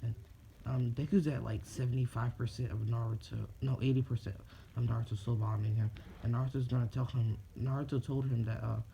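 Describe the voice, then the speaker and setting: A man's voice: mid-range voice, fairly even intonation, a little fast, vocal fry, mellow. A man casually telling an improvised fan story, rambling and swearing. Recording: dull lo-fi recording with faint noise.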